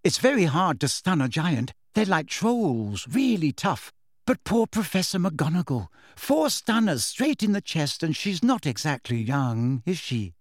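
A man's voice: fairly high pitch, big pitch swings, measured pace, no echo, studio quality. A man voicing a clever, anxious teenage schoolgirl who talks earnestly and breathlessly. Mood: shaky.

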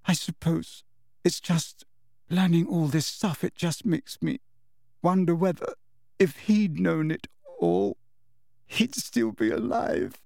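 A man voicing a gentle teenage schoolgirl in an audiobook, speaking softly and haltingly through tears. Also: medium pitch, expressive, breathy edge, no echo, clean studio sound. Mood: tearful. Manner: halting, tearful delivery. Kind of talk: audiobook character voice.

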